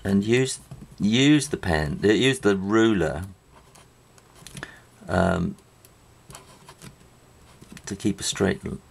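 Low gravelly English man teaching drawing. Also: drawn-out words, long pauses. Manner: rambling, with many fillers and restarts while drawing. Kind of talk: casual drawing tutorial. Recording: faint noise with pen and writing sounds.

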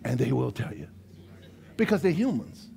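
A middle-aged man from New Orleans with a New Orleans accent, a pastor preaching a lively sermon to his congregation in a church. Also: mid-range voice, moderate pace, creaky. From New Orleans, USA. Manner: animated preaching, dialect-rich, talks straight to the congregation. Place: church sanctuary.

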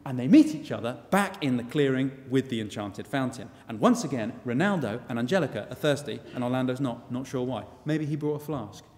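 A man's voice: medium pitch, brisk, hardly any pauses. Wry male storyteller in a church. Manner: wry, chatty, animated. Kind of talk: live comic storytelling. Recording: long church reverb.

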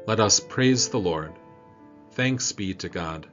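A man leading a church devotion, reading scripture and prayers in a measured, solemn way. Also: low-pitched, expressive, a bit bright. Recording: dull lo-fi audio with faint music.

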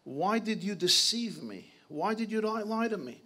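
Indignant old landlord, raised pitch and bright edge, as a man puts him on. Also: animated, moderate pace, exaggerated voice. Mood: outraged. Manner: outraged, scolding.

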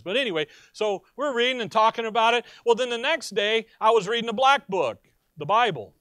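A man's voice: high-pitched, no echo, clean studio sound. A male pastor preaching a sermon to his congregation, asking them questions and telling personal stories. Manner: animated, asks the congregation questions. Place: church.

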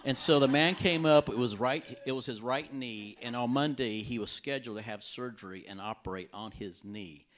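A man, a healing evangelist, telling a testimony to a church, animated and jumping into a high voice for his own quoted reactions. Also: moderate pace, few pauses, slight background noise.

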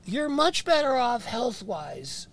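A man acting out his blunt doctor scolding a patient, in his own high voice. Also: sing-song, slow pace, vocal fry, fairly bright tone, heavily acted. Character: stern male doctor lecturing a patient.

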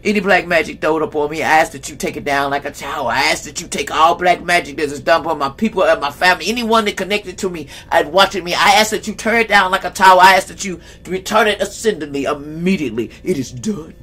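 A tarot reader chatting through a reading in a loose, slangy way. The delivery is bold and blunt, speaking right to viewers with frequent laughs. The pitch sits in a middle range. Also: fast, hardly any pauses, a bit bright. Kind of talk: casual tarot reading vlog.

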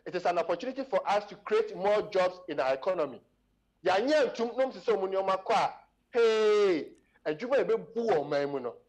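A Ghanaian man with a notably high voice argues his case as a studio panel guest. He switches between Twi and English. His delivery is emphatic and impassioned, close to preaching. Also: expressive, fairly quick, darkish tone, rough recording. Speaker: studio guest addressed as doctor.

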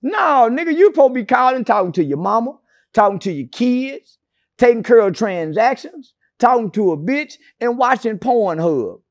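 A man's voice: very high voice, very animated, moderate pace, dry recording, clean studio sound. A man being interviewed, telling stories in a brash, profane and mocking way with sarcastic asides. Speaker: interview guest. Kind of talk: casual interview storytelling.

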